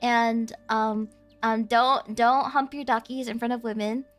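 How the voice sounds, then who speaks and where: A woman's voice: a little high, little pitch movement, unhurried. A woman streamer chatting casually with her viewers, playful and teasing, often giggling.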